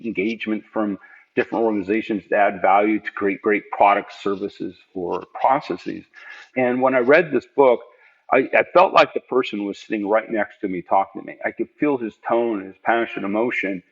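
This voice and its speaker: A middle-aged man, a podcast guest, tells earnest, reflective stories of his working life in a conversational interview from home. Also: fairly low pitch. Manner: earnest, reflective, animated storyteller. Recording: dull lo-fi remote audio.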